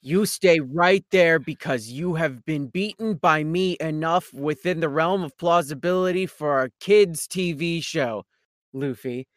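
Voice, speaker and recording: A woman voicing a smug male pirate villain, gloating in a drawn-out, low mock-menacing way. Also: no room sound, studio quality.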